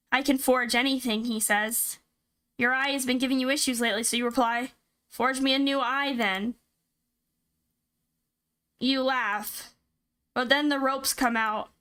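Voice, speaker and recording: A woman's voice: sits high, pushed and bright. A woman streamer reading a horror visual novel aloud and reacting with startled outbursts. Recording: game music behind.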